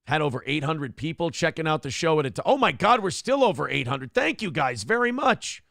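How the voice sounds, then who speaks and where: A man's voice: a little high, big pitch swings, a little fast, gravelly, fairly bright tone, no room sound, clean studio sound. A man hosting a solo livestream show. He gives crude comedic commentary, reads chat messages aloud and acts out lines in a mocking voice.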